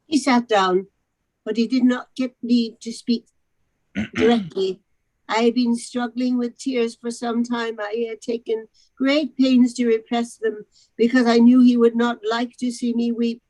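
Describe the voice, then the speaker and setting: A woman narrating a novel aloud, expressive, with occasional stumbles over the words. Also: on the high side, unhurried, poor audio. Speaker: narrator in a charity readathon.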